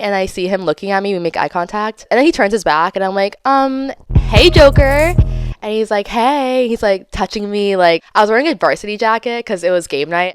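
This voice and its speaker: A young woman hosting a podcast, telling a dating story in a casual, animated way and acting out her own and others' lines with playful voices. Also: mid-range voice. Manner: animated, dramatic, acts out quotes with exaggerated voices. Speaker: podcast host.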